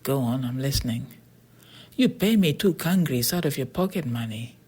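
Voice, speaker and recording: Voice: medium pitch, expressive, normal speed, darkish tone, slightly rough. An audiobook narrator voicing a boy twin who leads his friends and bargains firmly. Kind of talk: storybook character voice.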